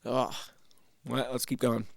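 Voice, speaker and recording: Gravelly man ranting through reaction commentary. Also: medium pitch, level tone, slow pace, no room sound. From Canada. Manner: rambling, profane, laughing asides. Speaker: host.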